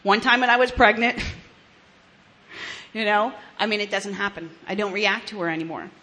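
A woman's voice: medium pitch, fairly even intonation, moderate pace, pushed and bright. A woman, frankly telling her own recovery story, blunt and swearing, with restarts and laughs. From New Jersey, US. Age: 30s. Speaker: recovery speaker. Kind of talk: candid personal testimony.

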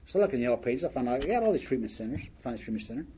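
A man telling his story to an audience in a wry, animated way, laughing along as he goes. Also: medium pitch, rapid-fire, dull audio, a little hiss or hum. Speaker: speaker sharing his recovery story.

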